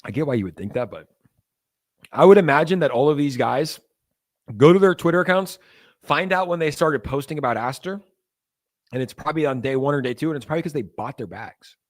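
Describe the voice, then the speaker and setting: A man's voice: on the high side, animated, brisk. Young man, crypto stream host, casual rambling chat, filler-heavy, reads chat aloud.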